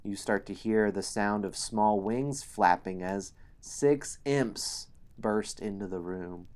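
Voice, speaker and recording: A man hosting a solo tabletop game stream, narrating the story slowly and explaining the game sheets. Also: on the low side, darkish tone.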